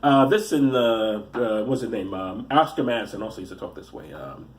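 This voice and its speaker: A man giving profane comic commentary on news stories, rambling and halting, with frequent restarts and asides. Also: lowish voice, expressive. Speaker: comedian reading the news.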